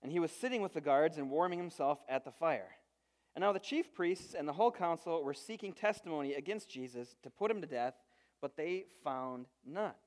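A man in his thirties, a pastor preaching a sermon and telling stories with lively quoted voices. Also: on the high side, a little fast. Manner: storytelling, animated quoted voices.

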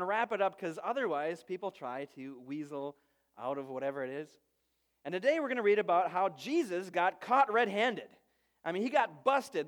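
A man in his thirties, a pastor preaching a sermon and telling stories with lively quoted voices. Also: high-pitched. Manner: storytelling, animated quoted voices.

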